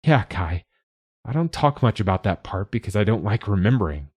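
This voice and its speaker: A loving father speaks to his scared daughter in a low, husky voice, read by a male narrator. He is firm but gentle, earnest and reassuring, and the dry, close sound keeps it intimate. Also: animated, moderate pace, no room sound.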